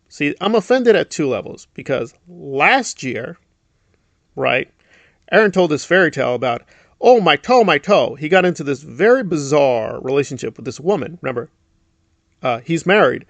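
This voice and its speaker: A man's voice: on the high side, lively intonation, moderate pace, gravelly, a bit bright, no room sound. A middle-aged man giving a sarcastic, indignant commentary, often mocking others with put-on voices. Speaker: commentary YouTuber. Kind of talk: ranting commentary.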